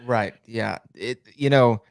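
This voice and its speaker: A man's voice: mid-range voice, slow pace, gravelly. A man hosting a podcast in casual chat, easygoing and hesitant, reading out listener messages. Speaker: podcast host.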